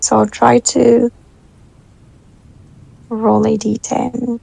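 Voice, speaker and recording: A woman player in a tabletop game with a strongly gravelly, fry-heavy voice. She talks slowly and works through the rules step by step, and the sound is very dry. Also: a little high, flat delivery, warm tone, dry recording. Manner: methodical rules explaining with fillers. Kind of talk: live-play tabletop gaming talk.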